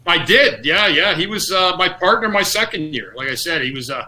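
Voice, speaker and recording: A middle-aged man, a former hockey player, telling lively anecdotes on a podcast, acting out quotes and laughing often. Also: on the high side, moderate pace, rough recording. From Canada. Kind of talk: casual storytelling.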